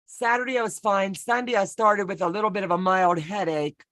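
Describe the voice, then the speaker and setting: This co-host of a sewing pattern walk-through rambles through a personal story on a home video call, folksy, chatty, and poking fun at herself. She speaks briskly at medium pitch with a steady, fairly bright tone and no echo.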